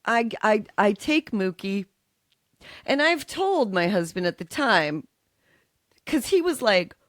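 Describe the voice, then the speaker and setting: A middle-aged woman co-hosting a podcast, telling a long story in animated, swearing, laughing casual chat. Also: mid-range voice, slow pace, no room sound. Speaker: podcast co-host.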